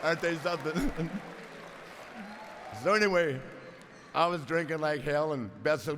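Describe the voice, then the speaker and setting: A man's voice: fairly high pitch, unhurried, long pauses, sharp tone. Emotional older man in a reverberant hall. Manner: rambling, stammering, laughing between stories. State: close to tears. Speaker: hall of fame inductee. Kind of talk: emotional acceptance speech with stories. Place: large arena hall before an audience. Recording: long hall reverb, crowd noise.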